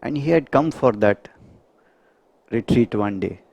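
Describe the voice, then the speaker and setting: Gravelly man lecturing a group. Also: medium pitch, lively intonation, darkish tone, no echo. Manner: asks the audience rhetorical questions, measured and earnest. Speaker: homeopath giving a talk. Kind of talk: spiritual lecture to a live group.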